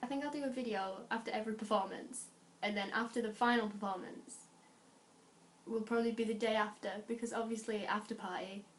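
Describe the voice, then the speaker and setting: A woman's voice: on the high side, slight background noise. Chatty young Lancashire woman in an echoey room. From North West England. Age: young adult. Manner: chatty, animated, quick asides and restarts. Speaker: vlogger. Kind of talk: casual chat.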